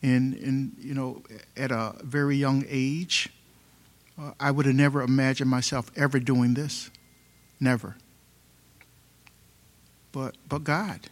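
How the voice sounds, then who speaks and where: A man's voice: medium pitch, steady tone, takes it slowly, long pauses. A man preaching a sermon, emphatic and fond of repeating rhetorical questions.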